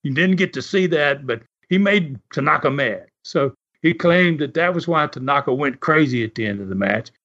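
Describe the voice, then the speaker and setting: A man's voice: fairly high pitch, lively intonation, normal speed, few pauses, fairly bright tone. An older man and former wrestler telling folksy stories in an interview, often chuckling as he talks. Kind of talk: storytelling interview. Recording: muffled recording.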